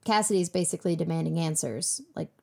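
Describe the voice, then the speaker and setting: A woman co-hosting a casual TV recap chat, animated and acting out quoted lines. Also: low-pitched, quick pace, vocal fry. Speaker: podcast co-host.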